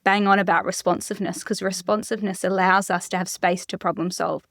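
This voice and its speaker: A woman's voice: mid-range voice, flat delivery, brisk, a bit bright, no room sound, clean studio sound. A woman co-hosting a parenting podcast, thinking aloud in a reflective way. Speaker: podcast co-host. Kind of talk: podcast conversation. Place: podcast studio room.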